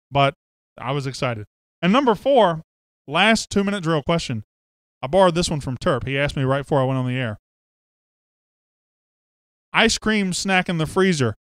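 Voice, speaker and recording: A man with a fairly high, smooth, resonant voice hosts a sports podcast, chatting casually and joking as he reads out listener comments. The sound is dry and close, with no room around it. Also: a bit bright, no room sound. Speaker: podcast host.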